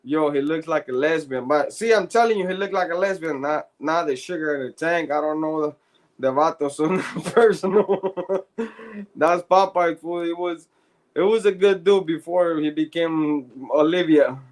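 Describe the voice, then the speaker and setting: Brief: man, podcast co-host, loose profane storyteller, fairly high voice. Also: normal speed. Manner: profane, slangy, laughs often. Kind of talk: casual chat, storytelling.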